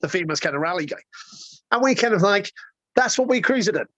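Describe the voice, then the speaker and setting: High-voiced, excitable storytelling man. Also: a little fast, no echo, lo-fi sound. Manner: excitable, profane, rambling with restarts. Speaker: guest storyteller. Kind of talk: casual road-trip storytelling.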